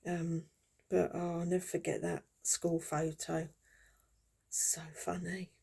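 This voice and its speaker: A woman in her fifties rambles through old memories as she works on her crochet. Her low voice is gravelly and husky, with a dark, mellow tone. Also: little pitch movement, measured pace. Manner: chatty, rambling, reminiscing. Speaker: crafter vlogger. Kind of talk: casual chat while crocheting.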